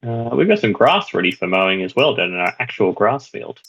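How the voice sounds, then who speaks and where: A man's voice: lowish voice, big pitch swings, brisk, a bit bright, slightly rough, lo-fi sound. A man chatting casually while playing a farming game, rambling and hedging as he talks. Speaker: roleplay player. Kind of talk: casual gaming chat.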